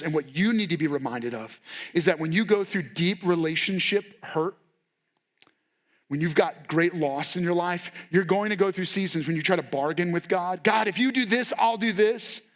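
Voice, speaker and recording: A male pastor preaching a sermon with a notably high-pitched voice. He talks in a casual, candid, conversational way, stepping into quoted lines as he goes. The delivery stays relaxed and direct with his listeners. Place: church.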